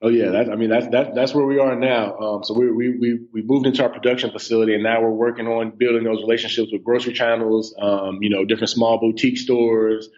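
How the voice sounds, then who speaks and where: This thirtysomething man talks fast with hardly any pauses, his mid-range voice darkish and fairly even in intonation. As a relaxed podcast guest in casual interview chat, he leans heavily on "um" and "you know," and the sound is lo-fi.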